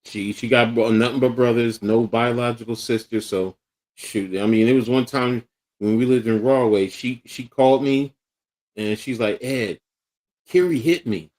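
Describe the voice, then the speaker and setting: A middle-aged man with a Philadelphia accent tells family stories on a casual talk show. He slips into the voices of the people in them as he goes. His voice sits at an ordinary pitch for a man. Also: normal speed. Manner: animated storyteller acting out quotes. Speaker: podcast co-host. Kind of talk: casual storytelling chat.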